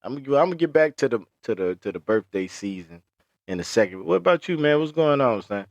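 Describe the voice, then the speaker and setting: Animated man telling stories on a podcast. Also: quick pace, dry recording, lo-fi sound. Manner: animated storyteller, acts out high-pitched quotes, laughs often. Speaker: podcast co-host. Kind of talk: casual chat.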